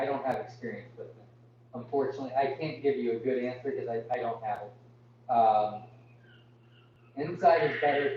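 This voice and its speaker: A young man hosting a live farm Q&A, reading viewer comments aloud and answering with apologies, straining his voice to talk louder. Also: medium pitch. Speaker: farm livestream host. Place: indoors on a farm. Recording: muffled, distant, echoey, with hum.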